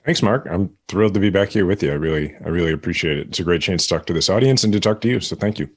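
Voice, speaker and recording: A man in his forties guesting on a podcast, with a very low and somewhat husky voice. He talks quickly and reassuringly in a casual conversational way. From United States. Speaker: guest, author. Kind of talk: casual interview chat.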